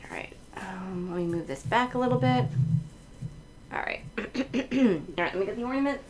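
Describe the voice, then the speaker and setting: A woman hosting a casual livestream, chatting while she decorates, laughing often and filling pauses with ums. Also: mid-range voice, lively intonation, slight background noise, low-quality recording. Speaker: livestream host.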